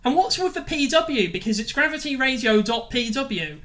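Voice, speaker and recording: A man hosting a comedic radio show, joking and self-mocking with quick asides. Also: extremely high pitch, expressive, a bit bright. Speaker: radio host.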